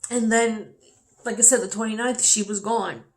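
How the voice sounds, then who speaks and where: In a steady, slightly high voice at normal speed, a young woman vlogs candidly about something personal, swearing as she goes. When she gets upset her pitch rises, and her mouth seems dry.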